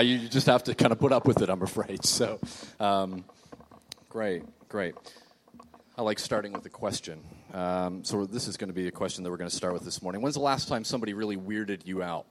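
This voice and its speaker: A pastor with a fairly low voice preaches at normal speed against a noisy background. He stays seated, delivering his church sermon conversationally, with frequent fillers and restarts.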